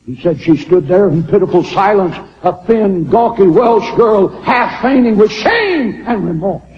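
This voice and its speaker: A man preaching a sermon, swinging from shouted lines to hushed ones as he tells a story. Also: sits high, animated, measured pace, long reverb tail, muffled recording.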